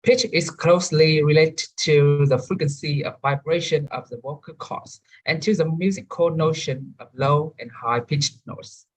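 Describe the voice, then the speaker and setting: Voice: mid-range voice, low-quality recording. A young adult student giving a careful class presentation, with frequent restarts. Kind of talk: class presentation on English word stress.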